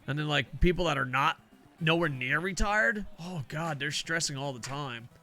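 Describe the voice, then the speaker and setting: A man's voice: a little high, normal speed, sharp tone, faint music behind. An older man, a semi-retired teacher, rambling casually and profanely while streaming a game, laughing often. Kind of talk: casual chat while gaming.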